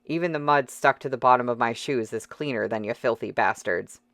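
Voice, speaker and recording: A woman's voice: fairly quick, no echo. A reader voicing a foul-mouthed furious woman. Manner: coarse swearing, loud and shrill. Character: fierce defiant young woman, foul-mouthed.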